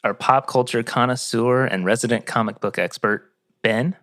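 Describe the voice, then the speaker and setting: A man's voice: medium pitch, moderate pace, a bit bright, dry recording, clean studio sound. A man hosting a casual podcast, doing upbeat introductions and joking loosely with friends. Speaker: podcast host.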